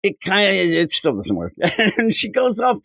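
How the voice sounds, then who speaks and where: A man with a high-pitched, gravelly voice co-hosts a podcast where he reviews comics casually and acts out characters' lines in quick, animated voices. The low-quality recording has no room sound.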